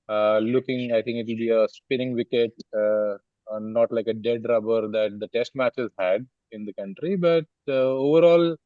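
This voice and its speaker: A man giving his views on a cricket podcast, halting and wry, with frequent pauses and fillers. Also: lowish voice, no echo, phone-quality sound. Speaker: podcast co-host. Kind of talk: casual podcast chat.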